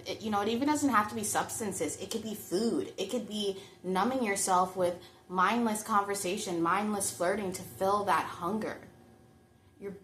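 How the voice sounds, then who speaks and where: A woman's voice: mid-range voice, fairly bright tone, slight background noise. Chatty woman reading tarot, echoey room. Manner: chatty, reflective, addresses viewers directly. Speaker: tarot reader. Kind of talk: pick-a-card tarot reading.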